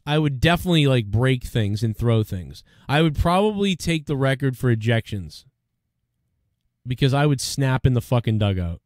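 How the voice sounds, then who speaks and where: A man's voice: medium pitch, moderate pace, no echo, clean studio sound. A man with a Boston accent hosting a casual podcast chat, rambling and swearing freely. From Boston area, USA. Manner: profane, rambling, excitable. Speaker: show host.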